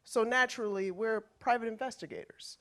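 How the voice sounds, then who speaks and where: A woman's voice: on the high side, fairly quick, fairly bright tone. Chatty woman comic. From Chicago. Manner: chatty, greeting the crowd. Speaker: stand-up comedian. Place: comedy stage.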